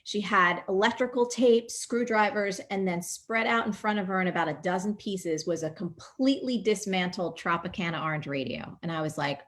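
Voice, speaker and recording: Animated storytelling woman from New Jersey. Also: medium pitch, normal speed, few pauses. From New Jersey, USA. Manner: animated, vivid storyteller, chatty with fillers. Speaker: guest speaker. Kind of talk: personal storytelling talk.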